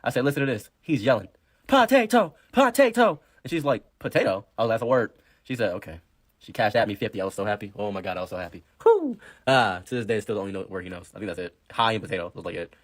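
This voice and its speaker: A young man telling a rambling story, fast and excitable, with loud yelled bits. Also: on the low side, dry recording. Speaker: storyteller in a played clip. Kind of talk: rambling anecdote.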